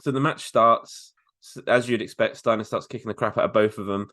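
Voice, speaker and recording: A man's voice: fairly low pitch, steady tone, brisk, a bit bright, no room sound, studio quality. A man co-hosting a podcast in casual chat, often laughing as he recounts things. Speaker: podcast co-host.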